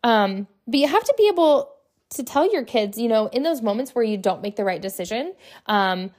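A woman's voice: a little high, lively intonation, moderate pace, a little mellow. A young adult woman hosting her own podcast, talking casually and often tagging her sentences with "right?" and "like". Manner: chatty, lots of "right?" and "like" fillers. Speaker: podcast host. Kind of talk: casual solo podcast talk.

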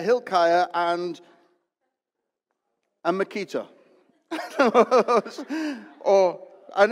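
A man, preaching a lively, joking sermon in a church. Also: sits high. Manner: lively, joking, loud bursts. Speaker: pastor. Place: church hall. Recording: long hall reverb.

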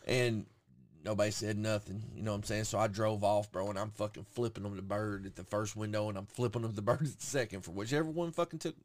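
A podcast host with a lowish voice talks at a quick clip, his studio-quality recording free of echo. He casually tells a profane story, animatedly acting out the quotes of what people said.

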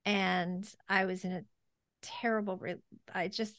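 A woman podcast host telling a heartfelt personal story in a halting, emotional way, close to tears. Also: mid-range voice, fairly even intonation, a bit bright, no echo. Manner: halting, emotional, many restarts and fillers.

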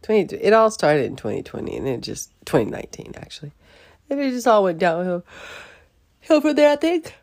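Groggy, gravelly-voiced woman podcast host. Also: medium pitch, sing-song, fairly quick, darkish tone. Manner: rambling, laughs often. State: groggy morning voice. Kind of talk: casual monologue.

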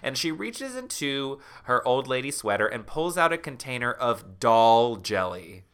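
A man co-hosting a podcast, retelling a spooky story in an animated way and putting on voices for its characters. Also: medium pitch, measured pace, clear, resonant tone. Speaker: podcast co-host. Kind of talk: comedic storytelling recap.

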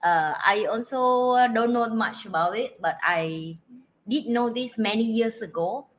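Relaxed woman co-host. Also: on the high side, unhurried. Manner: relaxed, self-deprecating, loose phrasing with fillers. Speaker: podcast co-host. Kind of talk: casual podcast chat.

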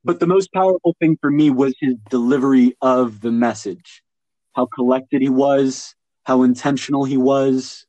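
A man's voice: medium pitch, darkish tone, no echo, poor audio. A man hosting a casual podcast conversation, talking with enthusiasm and thinking aloud. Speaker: podcast host.

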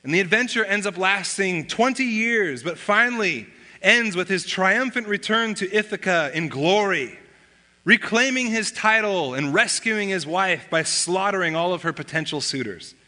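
Bright-voiced man preaching in a reverberant hall. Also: high voice. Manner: conversational teaching, posing rhetorical questions. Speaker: pastor. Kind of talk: sermon.

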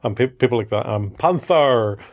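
A man's voice: medium pitch, animated, normal speed. A middle-aged man hosting a casual family podcast, chatting and teasing his daughters in a playful, chatty way. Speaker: podcast host and father.

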